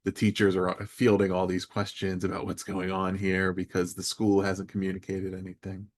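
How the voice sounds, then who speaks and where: A man's voice: sits low, completely flat delivery, moderate pace. A man hosting a podcast interview, talking in an emphatic, conversational way and building his points up as lists. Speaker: podcast host.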